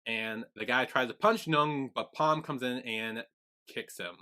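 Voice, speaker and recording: A man co-hosting a podcast, recapping in a casual, lively way and acting out characters' lines as he goes. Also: medium pitch, a little slow. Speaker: podcast co-host.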